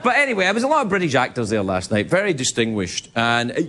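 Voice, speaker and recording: A man doing live stand-up comedy with animated, punchy delivery and repeated punchlines. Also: mid-range voice, fast talker. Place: comedy venue with a laughing audience. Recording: live show with loud crowd and noise.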